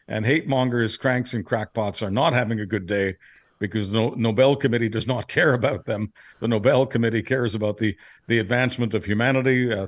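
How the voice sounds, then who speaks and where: Man, political commentator, casual podcast chat, blunt, measured, dry studio sound. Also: mid-range voice, dry recording. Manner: measured, blunt opinions with frequent fillers.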